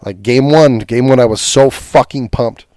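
A man's voice: mid-range voice, moderate pace, darkish tone, dry recording. A man hosting a podcast, ranting in a casual, profane and sarcastic way about his football team. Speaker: podcast host. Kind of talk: casual sports rant.

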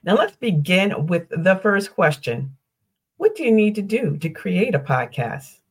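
An older woman hosts a solo podcast and talks listeners through the basics in an upbeat, encouraging way. She poses questions and answers them herself. Her voice sits at a middle pitch. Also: sing-song, unhurried, husky, faint music behind. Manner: upbeat, explanatory, rhetorical questions and lists. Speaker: podcast host.

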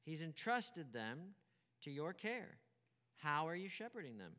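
A man's voice: a little high, very animated, a little slow, sharp tone, long reverb tail. A man preaching a sermon as pastor, emphatic, repeating key phrases and asking rhetorical questions.

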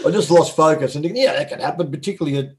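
A man's voice: on the high side, slight background noise. Laughing blunt Australian man. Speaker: guest, former footballer. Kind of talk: casual storytelling.

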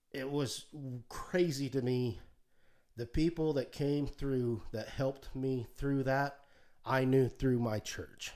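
A man giving a halting, heartfelt personal testimony, often choked up and restarting his sentences. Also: medium pitch, a little mellow. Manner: halting, many restarts, gets choked up, folksy. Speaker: podcast co-host sharing testimony. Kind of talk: emotional personal testimony, sermon-like. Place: alone at home.

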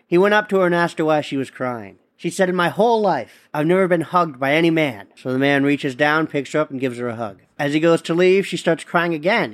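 A male podcast host and stand-up comedian talks in a loose, profane monologue. His voice sits at an ordinary middle pitch, and he rambles, restarts sentences and swears freely as he rants.

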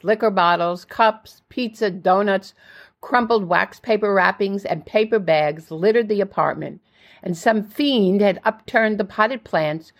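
An older woman narrating her own memoir in a plain, steady storytelling way. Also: mid-range voice.

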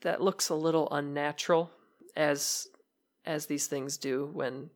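A Michigan man co-hosts a casual podcast chat, sounding hesitant and full of fillers and restarts. His voice is a little high, steady in tone and a little slow.

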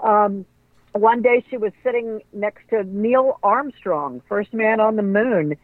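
A middle-aged woman, a radio personality and author, telling lively stories in an interview and acting out the voices of people she quotes. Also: medium pitch, slow, dry recording. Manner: animated storyteller who acts out quoted voices. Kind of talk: conversational storytelling interview. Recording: tinny phone-like line, dry.

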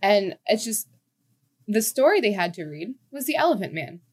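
A woman's voice: mid-range voice, sing-song, moderate pace, a little mellow, breathy edge. A young woman who teaches children abroad, chatting casually and giggling as she tells stories on a podcast. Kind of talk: casual chat.

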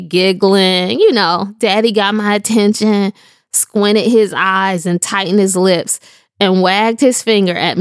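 A woman's voice: medium pitch, no echo, clean studio sound. Slangy, playful woman telling a devotional story. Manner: slangy, playful, laughs often. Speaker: devotional speaker.

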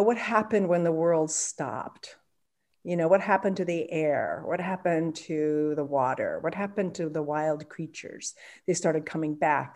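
Animated middle-aged woman guest. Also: fairly low pitch. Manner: animated, reflective, laughs while talking. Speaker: podcast guest, permaculture teacher. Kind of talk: casual interview answer.

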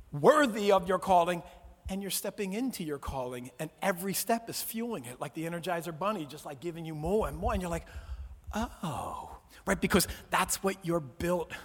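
A man preaching a sermon as pastor, animated, swinging from loud emphasis to soft, low words. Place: church auditorium. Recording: long reverb of a large hall.

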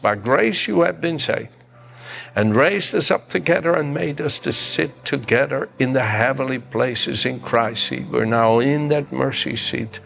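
Older male pastor, gravelly, preaching with fervent repetition over soft music. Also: medium pitch. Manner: impassioned, repeats phrases for emphasis. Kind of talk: sermon.

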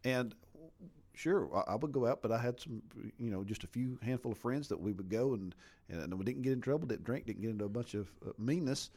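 A man's voice: mid-range voice, a little fast, darkish tone. A man in a casual faith discussion, speaking steadily and affirmingly with small stumbles. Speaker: discussion partner.

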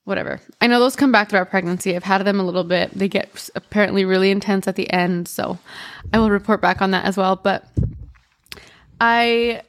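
A woman's voice: medium pitch, fairly even intonation. A woman hosting her own podcast, telling a personal story casually with lots of "like" and "um". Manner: chatty, full of "like" and "um" fillers, quick bursts and slow pauses. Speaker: podcast host.

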